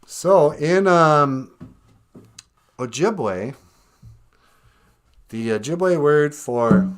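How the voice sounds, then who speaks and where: A man's voice: a little high, animated, very slow, long pauses, loud music behind the voice. A man hosting a casual livestream, rambling and self-deprecating as he chats to viewers. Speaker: livestream host.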